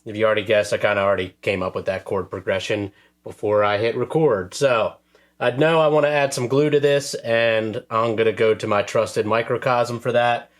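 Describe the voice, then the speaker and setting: A man casually explaining how he arranges a track on a music sampler, relaxed and full of fillers like "um" and "uh". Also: lowish voice, normal speed. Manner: relaxed, filler-heavy, self-deprecating. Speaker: music producer demonstrating a track. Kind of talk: casual tutorial talk.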